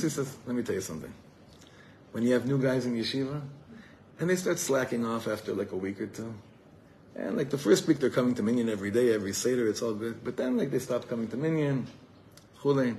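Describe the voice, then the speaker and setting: A man gives a storytelling sermon to an evening gathering, his voice pitched in the middle range. He acts out the people in his story as he talks, over faint background noise. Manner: animated storyteller acting out quoted voices. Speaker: rabbi teaching a gathering.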